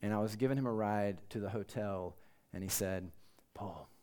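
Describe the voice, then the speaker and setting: A man's voice: lowish voice, brisk, crowd noise. A male pastor delivers a casual, conversational sermon to a room of students. He is earnest but informal, and he pokes fun at himself as he goes. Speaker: campus pastor.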